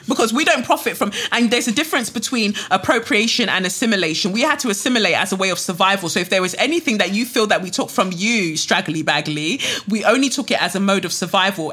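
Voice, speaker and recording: A woman co-hosting a podcast, blunt and animated with mocking asides. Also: medium pitch, fast talker, hardly any pauses, slightly rough. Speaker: podcast co-host. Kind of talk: casual chat.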